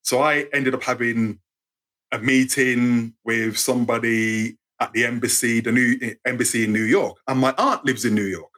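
An English man in his fifties with an English accent, telling stories in an interview in an animated way and acting out the voices he quotes. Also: mid-range voice, normal speed. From England. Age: 50s. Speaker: guest storyteller. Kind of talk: interview storytelling.

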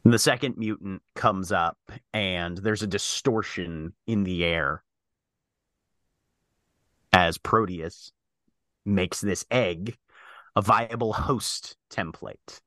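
A man narrating a tabletop role-playing game as game master, describing scenes in a halting way with frequent fillers. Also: sits low, a bit bright, no room sound.

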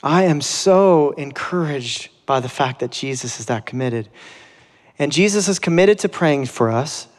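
A man's voice: medium pitch, in a large hall. A man preaching a sermon as pastor, conversational and earnest, with dramatic readings of scripture.

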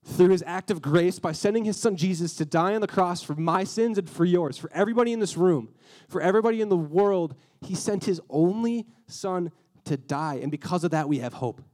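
A man's voice: high voice, fairly quick, darkish tone. A young man giving a casual, earnest sermon to a youth group, acting out quotes in a slangy, conversational way. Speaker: youth speaker.

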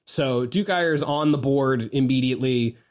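A man co-hosting a casual podcast, recapping a video game in an excitable, rambling way with lots of fillers. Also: mid-range voice. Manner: rambling, excitable, quick asides and frequent fillers. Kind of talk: casual chat.

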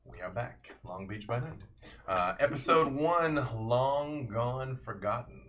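Brief: man, game master, animated storytelling, bright, forceful tone. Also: mid-range voice, takes it slowly, slight background noise. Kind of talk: narrating a tabletop game.

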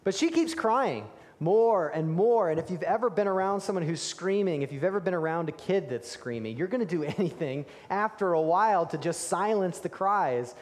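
A man preaching a sermon, telling the story with animated emphasis and dropping to hushed tones for key moments. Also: sits high, moderate pace. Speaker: pastor. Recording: reverberant hall.

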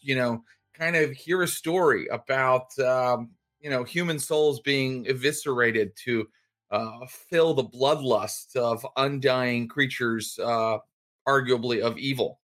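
Bright-voiced man hosting a tabletop game. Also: mid-range voice. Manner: chatty, many fillers, quick recap. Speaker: storyteller, host.

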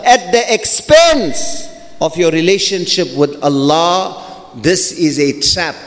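A male preacher delivering an emphatic, rhetorical sermon, rapidly reciting Arabic verses between English explanations. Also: high voice. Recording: long hall reverb.

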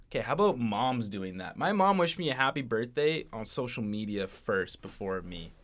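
A man's voice: medium pitch, big pitch swings, normal speed, a bit bright. A young man co-hosting a podcast, trading wry jokes and swearing in casual banter. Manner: wry, joking asides, swears. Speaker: podcast co-host.

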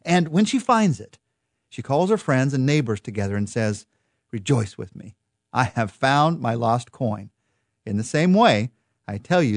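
A man's voice: mid-range voice, no room sound. Earnest male Bible teacher, dry close sound. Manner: earnest, expressive, rising with emphasis. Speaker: pastor teaching a Bible study.

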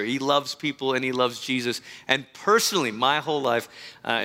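A man with a bright, forward voice gives a church introduction, earnest and full of praise with stops and restarts. His voice rings out through a long hall reverb. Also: medium pitch. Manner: warm enthusiastic praise, frequent fillers and restarts. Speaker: pastor introducing a guest. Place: church service.

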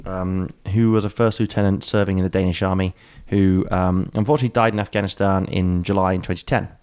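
A man's voice: deep voice, steady tone, fast, a little mellow, smooth. A man with an Australian accent hosting a casual podcast chat, rambling and joking with plenty of ums. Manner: rambling, jokey, many ums. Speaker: podcast host.

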